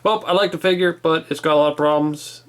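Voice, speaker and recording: A man co-hosting a casual toy review, talking in a relaxed, rambling way with frequent restarts. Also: on the high side, fast, a little hiss or hum.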